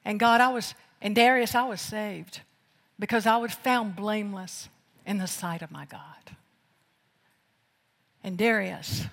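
A preacher delivering an emphatic sermon, moving from loud declarations to hushed lines. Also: medium pitch, a little slow, vocal fry, pauses often. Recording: long hall reverb.

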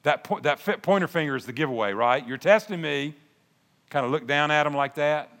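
An older man preaching a sermon, folksy and animated, with restarts and asides. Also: on the high side, fast. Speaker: pastor. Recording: long hall reverb.

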